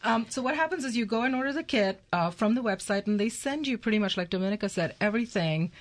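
A woman's voice: mid-range voice, lively intonation, fast. A woman guest chef on a talk show, explaining enthusiastically with everyday examples. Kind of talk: casual talk-show chat.

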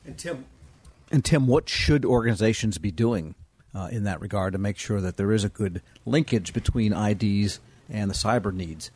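A man's voice: lowish voice, normal speed, darkish tone, breathy edge. A man moderating a panel, guiding the discussion with questions to each guest.

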